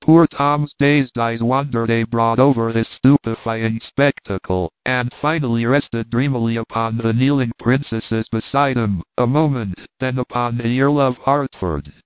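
A man narrating a classic novel in a steady, measured reading. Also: medium pitch, no echo. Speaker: audiobook narrator. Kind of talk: storybook narration. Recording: dry tinny phone-like sound.

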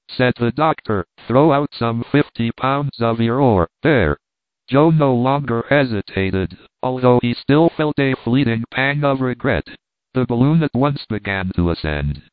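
A man reads an adventure story aloud in a steady, measured way, his pitch in a middle range. The sound is narrow and phone-like, dry with no echo. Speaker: narrator. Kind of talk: audiobook narration.

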